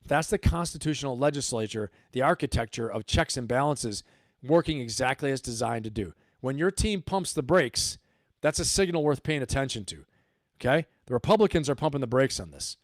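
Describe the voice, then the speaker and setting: A man's voice: medium pitch, lively intonation, a little fast, dry recording, clean studio sound. A man hosting a livestream, giving emphatic commentary and repeating his points for stress. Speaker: host.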